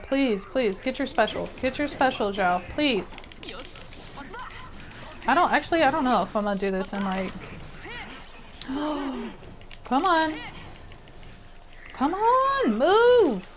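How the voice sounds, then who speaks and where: Excitable young woman streamer. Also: fairly high pitch, normal speed, long pauses, slight background noise. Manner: excitable, exclaims and rambles while gaming. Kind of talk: casual gameplay chat.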